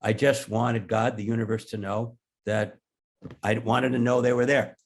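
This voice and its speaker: A man's voice: mid-range voice, level tone, moderate pace. A man in his sixties, a guest in an interview, telling candid stories with blunt language and self-deprecating humor. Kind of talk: candid conversational storytelling.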